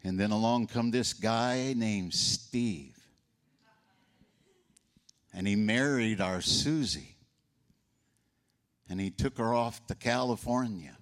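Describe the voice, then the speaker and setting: Eulogizing his sister, an older man tells folksy stories and performs the voices within them. His voice is lowish and slow, with frequent pauses.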